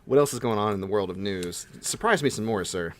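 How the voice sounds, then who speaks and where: Young male podcast co-host, low voice, excitable and gushing. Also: fairly quick. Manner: excitable, gushing, breaks into high-pitched bursts. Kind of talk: casual chat.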